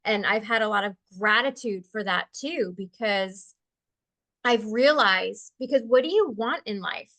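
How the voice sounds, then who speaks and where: A woman with a bright, slightly raised voice tells a personal story in a casual, conversational way. She is animated and expressive and laughs easily. She slows and softens when she turns to calmer thoughts. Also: a little high. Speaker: guest sharing a spiritual experience.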